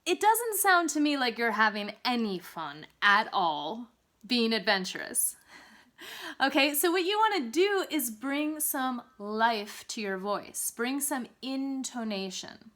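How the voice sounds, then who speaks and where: A woman coaching test takers in an upbeat teaching monologue. Her voice sits a little high and swoops up and down as she shows the difference between flat and lively speech. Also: slow. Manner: lively, swings pitch up and down to demonstrate. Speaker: English test prep teacher.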